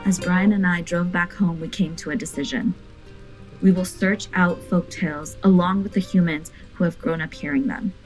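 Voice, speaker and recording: A woman with a fairly low voice narrates a scripted ghost story with earnest, vivid delivery. Soft guitar music plays faintly under her. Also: fairly even intonation, normal speed, low-quality recording. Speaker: podcast host and narrator.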